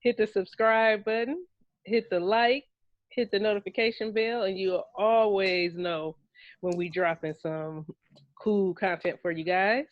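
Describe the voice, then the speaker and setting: A woman's voice: medium pitch, unhurried, no room sound. A woman hosting a casual movie review chat, taking her time and laughing as she corrects herself. The recording sounds a little dull and lo-fi. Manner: loose, laughing, self-correcting. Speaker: podcast co-host.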